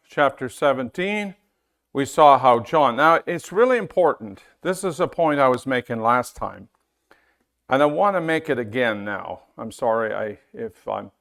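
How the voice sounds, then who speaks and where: A man teaching a Bible-school class in a casual, conversational way, often checking in with his listeners and reading scripture aloud slowly. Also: medium pitch, vocal fry, a bit bright.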